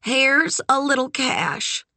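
A woman's voice: high voice, big pitch swings, slow pace, creaky, sharp tone, dry recording, voice pushed up, exaggerated voice. A woman voicing a kind older aunt who talks in a dry, wry way. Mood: dry kindness.

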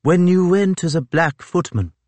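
A man's voice: sits high, normal speed, a little mellow, dry recording, voice pushed up, close to an everyday voice. A man voicing a nervous, earnest naval captain with a slight lisp, speaking eagerly and a bit hurriedly in an audiobook. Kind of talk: audiobook character voice.

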